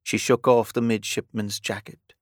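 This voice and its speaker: Male audiobook narrator, measured romance reading, monotone. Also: lowish voice, no room sound, studio quality.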